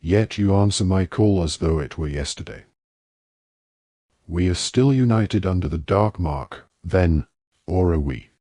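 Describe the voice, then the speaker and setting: A man voicing a cold, menacing male dark lord who speaks quietly and softly, in an audiobook reading. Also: low voice, a little slow, no echo. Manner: quiet, soft-spoken menace.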